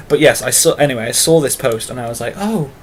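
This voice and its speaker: A man's voice: medium pitch, a little hiss or hum. A British man talking casually to camera in a tag video, long-winded and full of fillers, with self-mocking asides. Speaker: vlogger.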